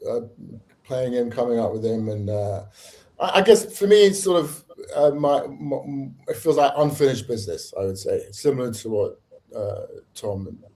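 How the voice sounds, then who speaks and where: A man with a mellow, dark voice who speaks haltingly and keeps pausing on "uh." He answers a panel question over a video call. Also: mid-range voice, animated. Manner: halting, full of "uh". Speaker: actor on a panel.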